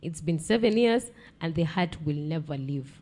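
Speaking at a moderate pace, a young woman with a Kenyan accent shares something painful from her life as a podcast guest. Her deep voice is expressive and dark in tone, her words are blunt and shift between English and Swahili slang, and she is near tears.

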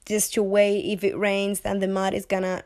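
A woman's voice: medium pitch, completely flat delivery, normal speed, a little mellow. A young woman casually reviewing a film, chatty and digressive, with playful swearing, and sounding sick and short of breath. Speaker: movie reviewer.

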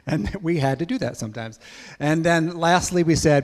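A man telling a story in a sermon at church, lively and acting out voices. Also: fairly high pitch, moderate pace, in a large hall. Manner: animated storyteller, acts out kids' voices. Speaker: church speaker.

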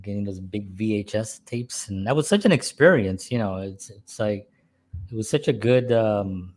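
A man's voice: on the low side, moderate pace, darkish tone. A middle-aged man hosting a casual talk show from home, rambling with many fillers and restarts. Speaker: podcast host. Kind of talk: casual chat.

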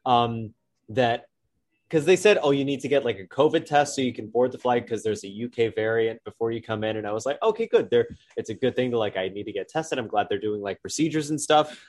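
A man's voice: mid-range voice, lively intonation, fairly quick. A young man co-hosting a casual podcast, telling stories in a rambling way full of likes and ums. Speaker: podcast co-host. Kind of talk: casual storytelling chat.

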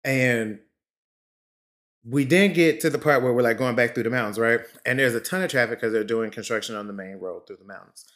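A man hosting a podcast, telling a story in a casual, expressive way. He laughs often, calls his listeners honey, and moves between lively bursts and quiet, reflective stretches. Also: mid-range voice, fairly quick. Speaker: podcast host.

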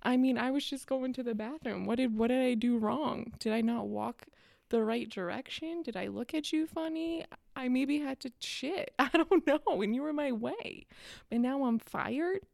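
Young adult woman, sarcastic exasperated rant, gravelly fry, mellow tone, dry close sound. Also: sits high, normal speed, dry recording. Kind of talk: casual ranting monologue.

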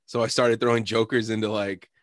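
Laid-back young man, low voice. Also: little pitch movement, a little fast, no room sound, clean studio sound. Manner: laid-back, laughing, swearing. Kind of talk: casual storytelling chat.

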